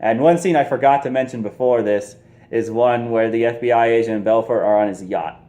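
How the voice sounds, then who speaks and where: A man's voice: medium pitch, fairly quick, warm tone. A man casually reviewing a movie, rambling with lots of fillers and frequent laughs.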